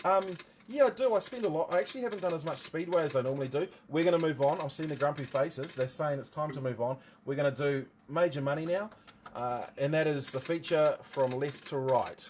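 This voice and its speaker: A man's voice: fairly high pitch, fairly quick, darkish tone, a little hiss or hum. Chatty New Zealand man hosting a stream. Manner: rambling, chatty, jokey asides to viewers. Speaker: livestream host and motorsport commentator. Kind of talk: casual livestream chat.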